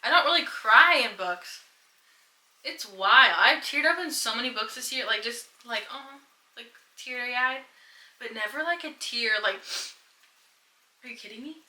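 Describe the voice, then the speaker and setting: A woman's voice: a little high, animated, normal speed, pauses often, pushed and bright, echoey room, low-quality recording. A young woman chatting casually on a book vlog, teasing her friend and prompting the questions. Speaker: book vlogger. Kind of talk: casual chat.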